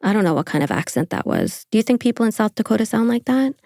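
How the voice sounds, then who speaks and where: A woman's voice: fairly high pitch, big pitch swings, quick pace, creaky, mellow, dry recording, studio quality. A woman hosting a true crime podcast, narrating the case and mocking the killer with sarcastic, profane asides. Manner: sarcastic, swears casually. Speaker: podcast host.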